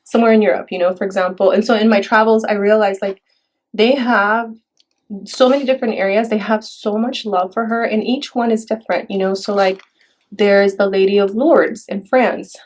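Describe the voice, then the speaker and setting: A woman from Mexico, chatting casually and softly, with many fillers. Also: medium pitch, fairly even intonation, normal speed, poor audio. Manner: soft-spoken, with fillers and Spanish phrases. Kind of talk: casual chat.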